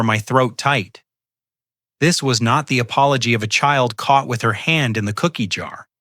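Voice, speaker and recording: An older man tells a first-person story in a measured, solemn way. His voice is bright and forceful, at an ordinary pitch for a man. The recording is dry and close, with no room sound. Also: no echo. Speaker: narrator. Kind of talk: scripted first-person narration.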